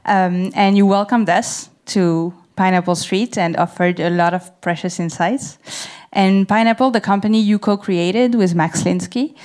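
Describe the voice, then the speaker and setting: A woman's voice: mid-range voice, fairly even intonation, measured pace, a little mellow. A woman whose first language is French, interviewing a guest in English on a festival stage, friendly and laughing often.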